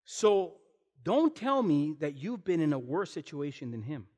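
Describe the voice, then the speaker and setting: A man with a high voice preaching in a church whose sound lingers long after each phrase. He tells stories animatedly, acts out voices, and speaks straight to his congregation. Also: very animated, a little slow, a little mellow, long reverb tail. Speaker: guest pastor. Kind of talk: animated sermon.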